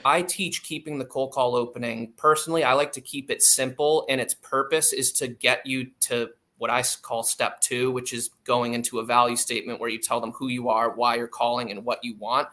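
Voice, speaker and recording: A man's voice: mid-range voice, flat delivery, brisk, few pauses, sharp tone. A man who trains salespeople, explaining his approach in an interview and acting out phone lines with emphasis.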